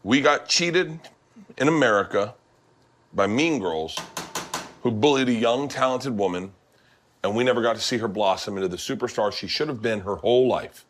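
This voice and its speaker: A man hosting a podcast as a stand-up comedian, telling stories in casual chat in a brash, excitable way and swearing freely. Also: medium pitch, moderate pace. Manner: brash, profane, excitable storytelling. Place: kitchen.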